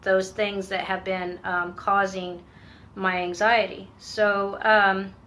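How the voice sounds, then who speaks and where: A woman speaking in a candid personal vlog, with a voice of ordinary pitch for her sex. She is earnest and reflective, often pausing, trailing off and restarting as she works through her thoughts. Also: little pitch movement, fairly bright tone. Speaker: veteran finishing a PTSD treatment program.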